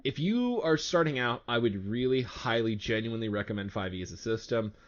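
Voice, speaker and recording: A man co-hosting a casual podcast who talks loudly and animatedly, laughing often. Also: medium pitch, expressive, fairly quick, highs cut off. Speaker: game master and podcast co-host.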